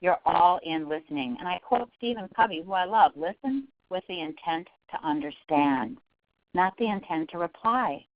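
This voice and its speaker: Brief: woman trainer, webinar talk, animated pitch, dry slightly dull audio. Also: normal speed, no room sound. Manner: lively, folksy, with acted quotes. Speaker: fundraising trainer. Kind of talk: webinar presentation.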